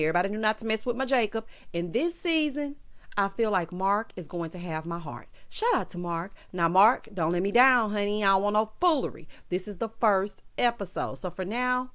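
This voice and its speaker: A woman recaps a reality show in a sassy, casual way, frequently calling people "child" and "honey." She is animated, laughs loudly, and mimics cast members in high-pitched voices.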